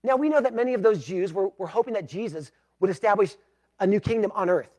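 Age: adult. Sex: man. Pitch: high. Style: sermon, emphatic with loud and hushed swings. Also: lively intonation, fast. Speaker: pastor.

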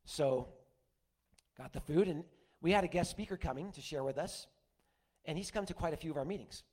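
A man's voice: on the high side, a little fast, a little mellow. An older man preaching a conversational sermon, mixing scripture with folksy stories from his week. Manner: folksy storytelling with asides. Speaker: pastor.

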